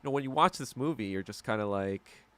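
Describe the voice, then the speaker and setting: A man's voice: mid-range voice, animated, fast. Profane, rambling man ranting on a podcast. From United States. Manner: mocking and abrasive. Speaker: podcast host. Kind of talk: casual solo podcast rant.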